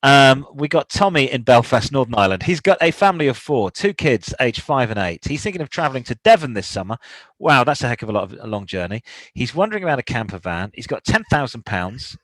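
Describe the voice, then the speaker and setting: A chatty British man co-hosts a car podcast, working through listener questions in a loose, rambling way. His voice sits at an everyday pitch and is recorded close and dry, with no room sound around it. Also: sing-song, fast talker, a bit bright, no room sound, rough recording. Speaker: podcast co-host. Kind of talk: casual car-advice chat.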